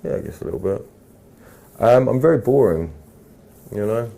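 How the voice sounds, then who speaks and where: A young English man, an actor, answering interview questions in a slow, measured, laid-back way. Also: on the low side, lively intonation, vocal fry, dark tone. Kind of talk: casual interview.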